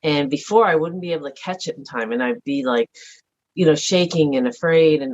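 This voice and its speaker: A middle-aged woman speaking earnestly and softly as a podcast guest, thinking aloud in a reflective personal conversation. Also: low-pitched, a little fast. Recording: dull lo-fi audio.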